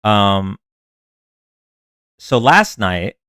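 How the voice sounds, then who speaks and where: A man's voice: on the low side, big pitch swings, very slow, bright, forceful tone, smooth, dry recording. A man hosting a live stream in a casual, rambling way, chatting with viewers and reacting to their comments. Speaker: livestream host. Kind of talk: casual livestream chat.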